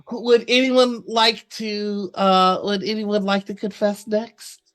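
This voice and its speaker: A woman's voice: mid-range voice, takes it slowly. A woman co-hosting a casual stream chat, laughing often and swearing freely. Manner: laughing often, profane and animated.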